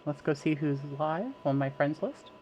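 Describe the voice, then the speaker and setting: A man's voice: a little high, lively intonation, normal speed, darkish tone, slight background noise, poor audio. A male streamer chatting casually and rambling, with many fillers. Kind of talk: casual live-stream chat.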